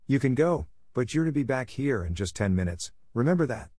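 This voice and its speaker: A man's voice: mid-range voice, expressive, a little fast, warm tone, no room sound, clean studio sound, voice pushed up, close to an everyday voice. A man voicing a stern older spinster who answers curtly and sarcastically. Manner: curt, sarcastic and scolding.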